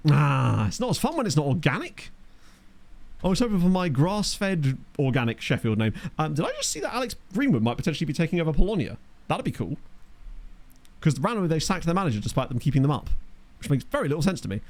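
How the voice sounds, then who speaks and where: A young man with a slightly high, darkish voice talks fast, his pitch swinging widely. He's casually streaming a football management game on a desk mic, tossing out wry asides and answering chat.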